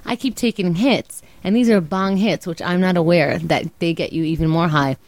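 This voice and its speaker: A young woman hosting a podcast, telling a story in a casual, animated way and acting out her own quotes. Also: lowish voice, normal speed, no room sound. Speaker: podcast host.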